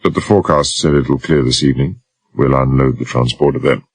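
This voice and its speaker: A man's voice: rumbling low, a little fast, no room sound. A man voicing a weary, hesitant older father in an audiobook.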